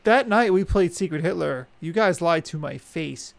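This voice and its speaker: Gravelly-voiced man, wry podcast co-host. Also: on the high side, expressive, normal speed, crowd noise. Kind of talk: casual podcast chat.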